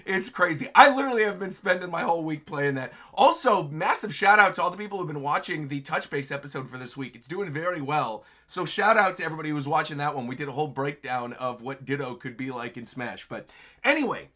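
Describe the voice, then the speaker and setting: A man's voice: on the high side, animated, fast talker, bright, forceful tone. A man hosting a live reaction stream, chatting with enthusiasm and laughing often as he reads through a comic chapter. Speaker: livestream host reacting to manga chapters.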